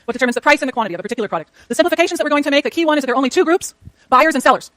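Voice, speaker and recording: A middle-aged woman gives a university economics lecture at a very quick clip, her voice sitting high. She talks to the class in a chatty way and keeps putting questions to the students. The sound is dry and close. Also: expressive, fairly bright tone, no echo.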